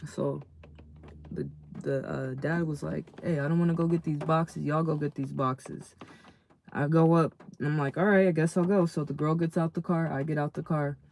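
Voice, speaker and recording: A man casually telling a story to his live chat in a slangy, animated way, acting out the people in it. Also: fairly high pitch, normal speed, creaky, slight background noise. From California. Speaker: livestream host.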